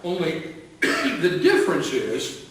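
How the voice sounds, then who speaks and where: A man preaching a sermon as pastor, unhurried, with many fillers and restarts. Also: a little high, wildly swooping pitch, a bit bright. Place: church sanctuary. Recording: echoey church hall, voice from a distance.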